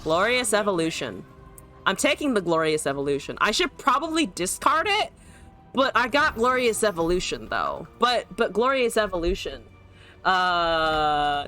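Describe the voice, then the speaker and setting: Lively, bright-voiced woman streaming a game. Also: medium pitch. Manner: chatty, swears, talks to her opponent, laughs often. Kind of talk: live gameplay commentary.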